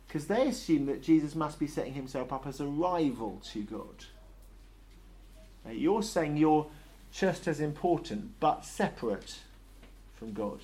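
A man's voice: on the high side, a little mellow. A man preaching a sermon in a conversational way, often acting out short dialogues between characters.

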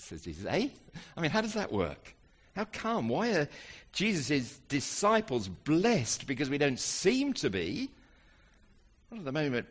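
A man preaching a sermon, asking the congregation rhetorical questions and reading scripture aloud. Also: on the low side. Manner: animated, asks rhetorical questions.

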